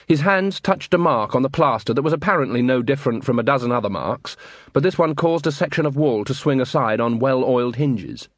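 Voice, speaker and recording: Male audiobook narrator, lively pitch, husky, dry booth sound. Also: brisk, no room sound. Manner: animated storytelling with many character voices.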